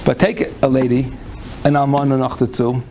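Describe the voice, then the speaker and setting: A man's voice: medium pitch, little pitch movement, moderate pace, gravelly, a little mellow, slight background noise. A man lecturing on Jewish law to a live audience, folksy and conversational, often restarting his phrases. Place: lecture room before an audience.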